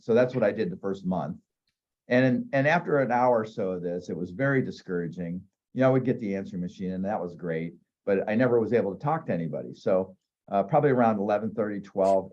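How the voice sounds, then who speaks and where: A man's voice: fairly low pitch, a little mellow, muffled recording. A man in his fifties from northeast Ohio, a real estate agent telling candid, self-deprecating stories in a casual interview.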